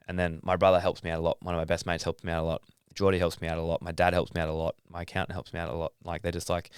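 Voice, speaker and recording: Australian man, young adult, low smooth voice, laid-back interview guest. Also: quick pace, no echo, studio quality. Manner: relaxed, swears casually, acts out his own inner thoughts. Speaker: podcast guest, athlete. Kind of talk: casual interview talk.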